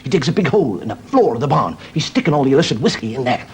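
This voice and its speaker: A man, a comedian telling a long story in a relaxed, wry way. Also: mid-range voice, very fast, slight background noise, rough recording. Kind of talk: storytelling stand-up. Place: television studio.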